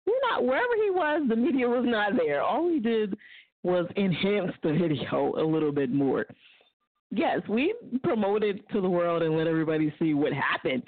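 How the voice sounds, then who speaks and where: Woman radio host, brash and profane, quick laughs, tinny lo-fi sound. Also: mid-range voice, animated, no room sound. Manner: blunt, profane, laughing often. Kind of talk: casual talk radio rant. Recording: dry, phone-like lo-fi line.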